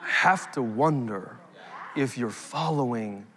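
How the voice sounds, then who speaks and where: Pastor, man, 30s, mid-pitched, emphatic live sermon, echoing hall. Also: slow pace, crowd noise. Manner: emphatic preaching with rising calls to the congregation. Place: church sanctuary. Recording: long hall reverb.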